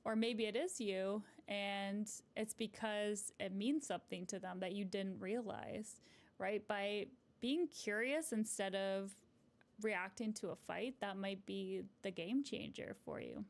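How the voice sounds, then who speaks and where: A woman's voice: mid-range voice, measured pace. Encouraging woman therapist, chatty and explanatory. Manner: conversational, often ends points with a checking "right?". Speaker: couples therapist. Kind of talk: live-streamed advice chat answering viewer comments.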